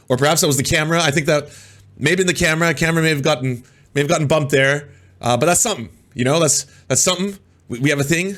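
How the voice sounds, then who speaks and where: A man's voice: a little high, fast talker, a bit bright. A man with a Canadian accent hosting a live commentary stream, sarcastic and profane, with many filler sounds. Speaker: host.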